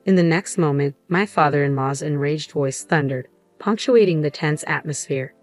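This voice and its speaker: Low-voiced woman narrating a story. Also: moderate pace. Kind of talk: first-person story narration. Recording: faint music underneath.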